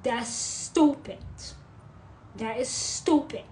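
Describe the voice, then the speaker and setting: A woman's voice: on the high side, extremely slow, warm tone, slight background noise, rough recording. A woman vlogger giving an unscripted, blunt monologue, repeating her points for emphasis.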